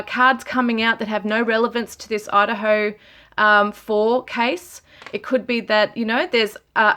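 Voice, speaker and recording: A woman talking to her viewers while giving a tarot reading, earnest and emotional, with frequent pauses, sighs and ums. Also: a little high, a bit bright. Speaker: tarot reader. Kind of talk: casual spiritual reading to camera.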